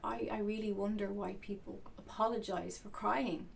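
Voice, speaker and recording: A woman coach talking softly and earnestly to camera in an unhurried, reflective way. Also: mid-range voice, fairly even intonation, creaky, a little hiss or hum.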